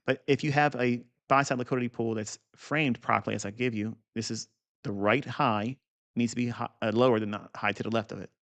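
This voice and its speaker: A man's voice: mid-range voice, fairly even intonation, brisk, a bit bright. A middle-aged man giving an unscripted trading lesson in a blunt, profane way, with rambling asides. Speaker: trading teacher.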